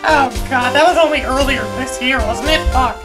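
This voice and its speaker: A woman's voice: high voice, moderate pace. A woman playing a video game and commenting casually, swearing and joking about herself. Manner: swearing, self-mocking. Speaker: let's play gamer. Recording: distant mic with loud game music.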